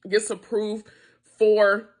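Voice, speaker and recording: A woman's voice: medium pitch, completely flat delivery, slow pace. An American woman who owns a wine tasting room, venting to her viewers in a frustrated, emotional rant about being denied a grant. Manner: upset, frustrated, venting with profanity. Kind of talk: emotional direct-to-camera rant.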